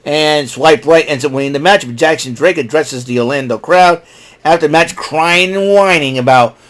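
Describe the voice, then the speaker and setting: A man's voice: a little high, moderate pace, a bit bright. Rambling, opinionated man recapping a show. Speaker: podcast host. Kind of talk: casual solo show recap.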